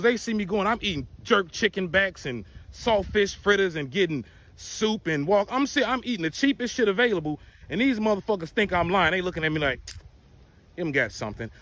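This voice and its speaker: A man telling a profane, animated personal story in casual storytime style. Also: high-pitched, no room sound.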